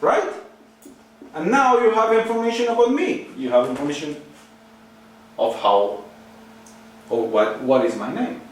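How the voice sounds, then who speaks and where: A man's voice: a little high, unhurried, long pauses, a little hiss or hum. A man teaching a lesson, coaxing his students with questions and checking that they follow. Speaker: Spanish teacher. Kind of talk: recorded online lesson. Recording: very echoey room, mic at a distance.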